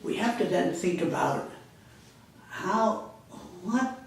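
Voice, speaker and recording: A man's voice: sits high, expressive, takes it slowly, gravelly, slight background noise. Man lecturing in an echoey classroom. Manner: rambling, self-correcting, conversational. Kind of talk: university lecture. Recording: echoey classroom, speaker far from mic.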